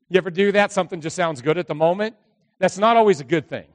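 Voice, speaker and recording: A male pastor preaching a sermon, telling a story with lively acted-out dialogue and bursts of shouting. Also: high voice, quick pace, no echo. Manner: animated storytelling, acts out dialogue, shouts at peaks.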